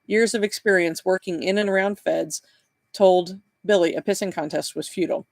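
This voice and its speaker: A man, the author, reading his novel aloud in a live session with steady, plain narration. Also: high-pitched, moderate pace, gravelly, no room sound.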